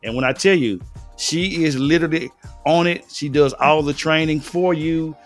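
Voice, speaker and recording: A man hosting a casual interview, chatty and quick with short affirmations. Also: fairly high pitch, faint music behind. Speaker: host.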